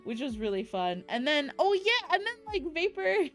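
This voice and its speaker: A woman's voice: sits high, big pitch swings, normal speed, a bit bright, faint music behind. A young woman streamer chatting casually in a bubbly, rambling way, with giggles and cutesy baby talk. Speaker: streamer recapping an event. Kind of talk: casual chat.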